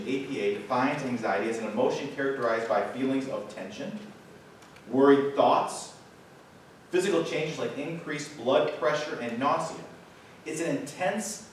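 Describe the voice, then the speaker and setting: A man preaching a sermon with emphatic delivery and dramatic slow pauses. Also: mid-range voice. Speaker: pastor. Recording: echoey distant church sound with faint room noise.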